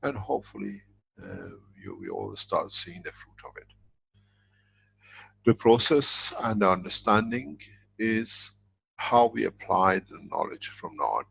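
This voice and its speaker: A middle-aged man lecturing and answering questions, speaking in halting, broken phrases over a dull lo-fi online call. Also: lowish voice, very animated, creaky, fairly bright tone, a little hiss or hum. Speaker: foundation leader answering questions.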